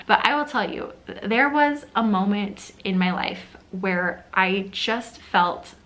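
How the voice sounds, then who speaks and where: A woman's voice: medium pitch, animated, measured pace, few pauses, a bit bright. A woman lifestyle vlogger talking straight to her viewers in an earnest, encouraging way. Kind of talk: motivational vlog talk.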